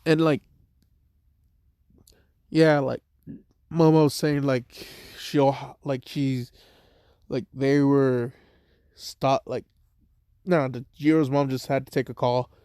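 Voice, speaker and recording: A man's voice: mid-range voice, fairly even intonation, slow pace, pauses often, warm tone, clean tone, no echo, clean studio sound. A young man casually retelling a made-up fan story, rambling with lots of filler words. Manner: rambling, heavy "like" and "type shit" fillers.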